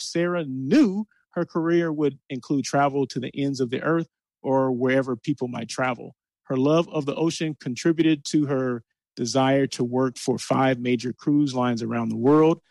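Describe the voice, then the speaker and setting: An animated man hosting an interview, his voice a little high and recorded close and dry. He reads a long introduction with stumbles, then chats eagerly with his guest. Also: dry recording. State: out of breath after the intro. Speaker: host. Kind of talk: casual interview.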